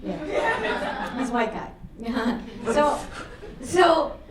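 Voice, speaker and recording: A woman's voice: high-pitched, extremely slow, recorded from a distance, a loud crowd. Brash woman doing stand-up, roomy club. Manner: brash, crude deadpan punchlines. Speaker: stand-up comedian. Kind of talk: stand-up comedy set. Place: comedy club stage. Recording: roomy club sound from afar, audience laughter.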